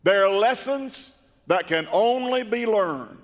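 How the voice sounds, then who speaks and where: High-voiced preacher in a reverberant hall. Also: male voice, lively intonation, slow pace. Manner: fervent, storytelling, rises to emphatic shouts. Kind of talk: sermon. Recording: long reverb of a large hall.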